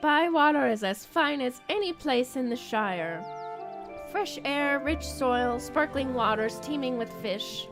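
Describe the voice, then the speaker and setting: A woman's voice: high-pitched, animated, measured pace, over music. A woman reading the lines of a wise, kindly old male wizard from a game, in her own voice without an accent. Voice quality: read plainly without an accent. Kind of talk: reading game dialogue aloud.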